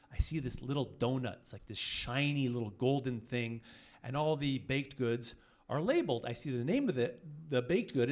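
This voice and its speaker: A man in his forties from French-speaking Canada doing a stand-up set on stage, animated and switching into loud voices for punchlines. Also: medium pitch. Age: 40s. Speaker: stand-up comedian. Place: comedy club stage with audience.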